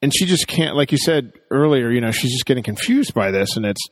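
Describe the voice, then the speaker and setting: A man's voice: medium pitch, animated, brisk, big-room sound. A man co-hosting a casual TV episode recap, thinking aloud in long, rambling analysis. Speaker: podcast co-host.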